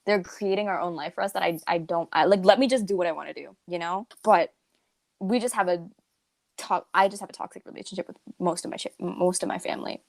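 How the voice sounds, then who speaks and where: A woman's voice: on the low side, quick pace, vocal fry, no room sound. Young woman podcast co-host, rambling, restarts a lot, dry sound. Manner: rambling, filler-heavy, restarts often. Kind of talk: casual chat.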